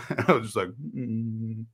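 A man's voice: fairly low pitch, brisk, fairly bright tone. A man co-hosting a casual veterans' chat, telling a profane story and laughing through it. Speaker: podcast co-host.

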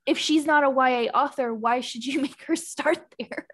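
A woman's voice: sits high, moderate pace, fairly bright tone. A woman co-hosting a casual book podcast, opinionated and laughing often. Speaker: podcast co-host.

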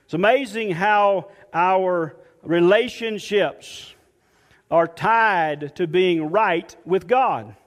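Male pastor, high voice, unhurried sermon delivery, long hall reverb. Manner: slow, emphatic preaching, dropping soft and low on quoted scripture.

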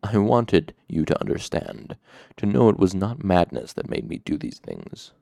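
A man's voice: low voice, big pitch swings, normal speed, gravelly, warm tone, no room sound, clean studio sound, heavily acted. A man voicing Lanre, a grief-stricken and weary fallen hero, speaking heavily with despair in an audiobook reading. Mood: desperate. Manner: heavy and despairing.

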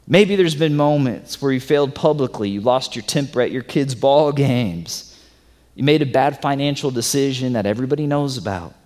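A male pastor preaching a sermon, swinging from loud emphatic stretches to soft hushed ones. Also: medium pitch. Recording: long hall reverb.

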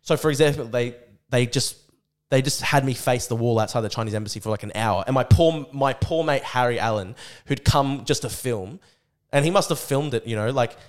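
Young Australian guy, podcast guest, rattles off an excitable, swear-filled story at speed. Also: medium pitch. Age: young adult. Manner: rapid, profane, excitable retelling. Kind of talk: casual storytelling.

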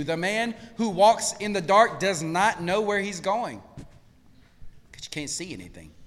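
High bright preaching man in a hall. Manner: preaching with swings between hushed and shouted lines. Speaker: pastor. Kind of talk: sermon. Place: church sanctuary.

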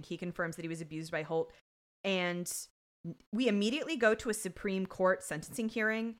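Animated woman podcast co-host. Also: on the low side. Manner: animated, emotional, swears freely. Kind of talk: casual chat recapping a TV episode. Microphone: computer mic on a video call.

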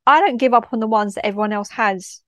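A woman, a school mentor, telling a personal story in a heartfelt, expressive way with local slang. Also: fairly high pitch, quick pace, no room sound, studio quality.

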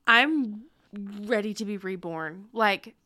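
A young woman co-hosting a podcast, chatting casually and excitedly over a video call, rambling and laughing often. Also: medium pitch, slow pace, no echo, studio quality. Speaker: podcast co-host.

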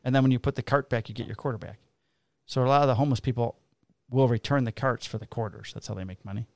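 Gravelly cop telling stories. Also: male voice, medium pitch, quick pace, no echo. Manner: profane, animated storyteller acting out dialogue. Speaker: police officer telling stories. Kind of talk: casual storytelling chat.

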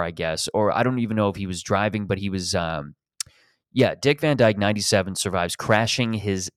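A podcast host riffs through a rambling comedic monologue that's profane and sarcastic. His voice is fairly low, clear, and resonant, recorded at studio quality with no room sound.

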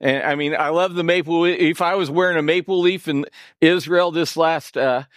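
A man's voice: a little high, steady tone, moderate pace, no echo, studio quality. A man from Indiana preaching a sermon as pastor, folksy and joking with the congregation in a church. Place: church sanctuary.

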